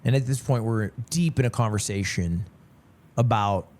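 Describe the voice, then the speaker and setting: A man telling a story in a deadpan, mock-serious way, acting out quotes along the way. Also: lowish voice, moderate pace. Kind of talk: casual storytelling.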